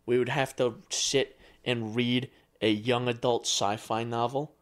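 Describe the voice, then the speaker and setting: A man's voice: mid-range voice, fairly even intonation, a little slow. A man co-hosting a podcast in casual chat, ranting with dry exasperation and casual swearing. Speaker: podcast co-host.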